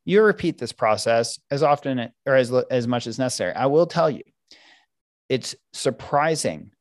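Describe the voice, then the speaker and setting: A man's voice: mid-range voice, moderate pace, no room sound. A middle-aged man, a parenting coach, explaining techniques in an interview and acting out parents and children. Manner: animated, acts out parents and kids in quoted voices.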